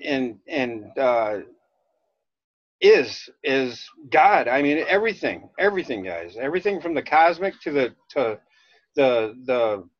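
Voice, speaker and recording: A man from Minnesota with a Minnesota accent, rambling in casual chat as a podcast host, halting and restarting often. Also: mid-range voice, no echo. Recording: dull lo-fi dry sound.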